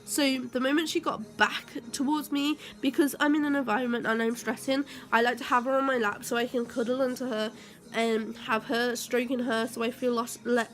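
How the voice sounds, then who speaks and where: A woman's voice: on the high side, a bit bright. A young woman telling a rambling story to her vlog viewers, with many fillers and heated bursts. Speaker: vlogger.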